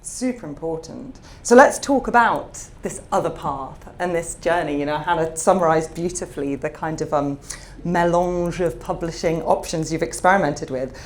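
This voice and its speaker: A woman's voice: low-pitched, moderate pace, darkish tone. A woman interviewing an author at a live event, posing long, thoughtful questions.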